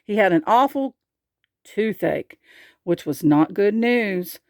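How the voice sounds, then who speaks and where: A woman reading a picture book aloud, slow and expressive, asking the listener questions. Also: mid-range voice, no room sound, clean studio sound. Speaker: storyteller.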